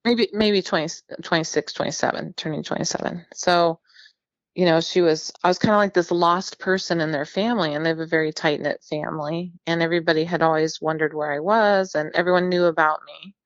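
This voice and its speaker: A guest in her fifties from central California tells her story in an interview, speaking fairly quickly in a low, fairly even voice with no echo. She's chatty and candid with a self-deprecating humor, and the recording is dull and lo-fi.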